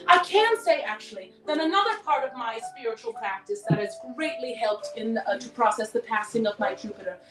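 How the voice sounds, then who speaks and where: High-voiced woman in a wry stage monologue. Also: recorded from a distance. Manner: wry, candid, frequent sighs and swearing. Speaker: solo performer. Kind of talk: live solo stage monologue. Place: theater stage before an audience. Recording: echoey stage recording from afar, music behind.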